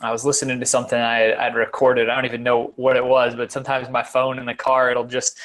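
A man's voice: mid-range voice, monotone, fast, a bit bright. A man being interviewed as a guest on a podcast, a motivational speaker who talks earnestly and repeats words for emphasis.

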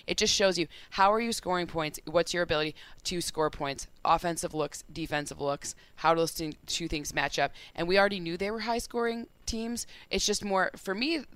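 Bright, smooth male sports analyst. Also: on the high side. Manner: hesitant, analytical, self-interrupting. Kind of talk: casual sports debate.

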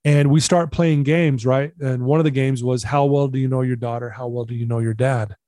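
A middle-aged man recounting a personal story as an interview guest, earnest and animated, acting out the dialogue. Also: medium pitch, a little fast, dry recording, clean studio sound.

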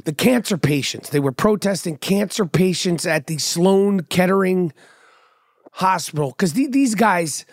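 A man's voice: sits high, lively intonation, unhurried, no room sound. Middle-aged male podcast host, loose profane monologue with a sardonic edge, dry close sound. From New York. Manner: profane, sardonic rambling with restarts. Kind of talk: casual monologue.

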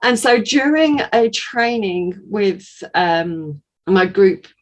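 A woman sharing a personal testimony as a podcast guest, telling her story in an animated way, with laughs and pauses. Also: mid-range voice.

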